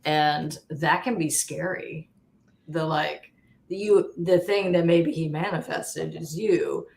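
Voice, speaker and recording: A woman guest in a casual panel chat, speaking in a hesitant, thoughtful way with many pauses and fillers. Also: low voice, gravelly, a little mellow. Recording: roomy echo.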